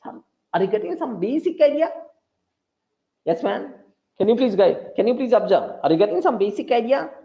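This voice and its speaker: A man's voice: extremely high pitch, very animated, moderate pace, long pauses. A man teaching a beginner programming lecture who keeps repeating words and calls his listeners "sir". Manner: repetitive, addresses listeners as sir. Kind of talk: live coding lecture. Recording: dull lo-fi audio.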